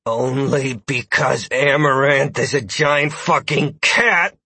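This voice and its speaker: A man's voice: on the high side, big pitch swings, a little slow, creaky, pushed and bright, husky, dry recording, voice pushed up, full character voice. A man voicing a hot-tempered male adventurer who talks through clenched teeth. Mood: seething.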